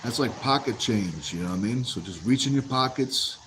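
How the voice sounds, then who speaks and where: A man's voice: medium pitch, lively intonation, fairly quick, background noise. A man hosting a casual livestream, reading viewer comments aloud and answering in an easygoing way, often saying a phrase twice. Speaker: livestream host.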